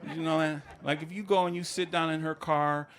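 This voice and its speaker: A man performing a stand-up comedy set, telling stories in a conversational, deadpan way. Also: a little high, fairly quick. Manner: conversational, deadpan storytelling with acted quotes.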